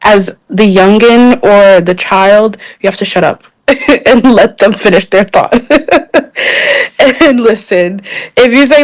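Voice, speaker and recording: A woman's voice: mid-range voice, takes it slowly, poor audio. Chatty young woman from Africa. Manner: chatty, speeds up and laughs while telling anecdotes. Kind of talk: casual group discussion.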